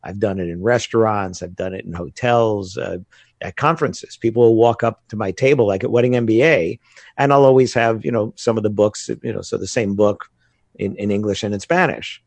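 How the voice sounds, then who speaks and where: An American man talking casually in an interview, telling animated stories about learning a language. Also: fairly low pitch, a little fast, vocal fry, dry recording. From United States. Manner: animated storytelling with laughs. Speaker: guest. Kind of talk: casual conversation.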